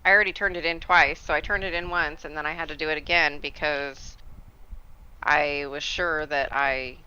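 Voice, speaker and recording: A man chatting casually over a voice call, telling an animated, fretful story. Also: fairly high pitch, moderate pace, smooth, poor audio. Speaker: gaming stream crew member. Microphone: voice call headset.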